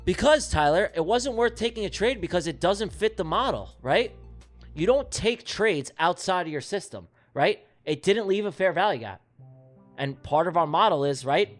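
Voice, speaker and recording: A man's voice: fairly high pitch, expressive, normal speed. A man hosts a live trading stream, and his voice swoops up and down as he vents. He sounds exasperated and swears freely as he talks to his chat. Faint music plays underneath. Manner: exasperated, venting, profane. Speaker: livestream trading host.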